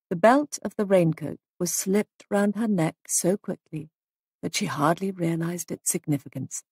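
A woman narrating an audiobook mystery in a measured, even storytelling voice, close to the mic. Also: fairly low pitch, slightly rough, dry recording. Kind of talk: scripted narration.

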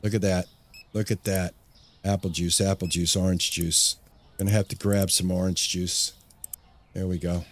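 A man's voice: deep voice, level tone, moderate pace, pauses often. A man hosting a casual let's-play, narrating his gameplay as he goes and often repeating words to himself when things get busy. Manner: talks to himself, repeats words under pressure. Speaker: gaming channel host.

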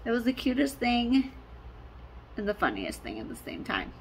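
Woman, family vlogger, casual rambling chat, lots of fillers, slightly high voice, handheld camera. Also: huge pitch swings, normal speed, creaky, slight background noise. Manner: chatty, rambling storyteller, many "like" fillers. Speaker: family vlogger, mother of twins. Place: hotel room.

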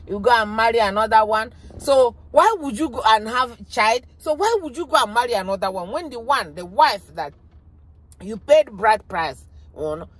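A woman's voice: lowish voice, slight background noise. A woman giving an impassioned reaction commentary, emphatic and repeating her points. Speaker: vlogger.

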